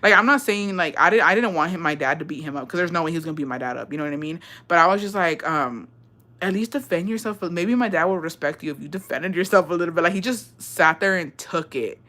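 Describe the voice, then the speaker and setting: A woman's voice: low-pitched, fast, hardly any pauses, bright, forceful tone. A young woman hosting a livestream tells a personal story in casual, rambling speech. She fills every phrase with "like", swears bluntly and laughs at herself. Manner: rambling, heavy on "like", blunt and profane; laughs at herself, self-described unserious. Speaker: livestream host.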